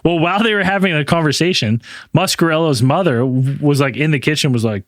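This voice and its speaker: A man's voice: fairly high pitch, fast, no room sound. A man co-hosting a casual podcast chat, telling a story with lots of swearing and acting out the people in it. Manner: profane, acts out quotes in raised voices. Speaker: podcast co-host.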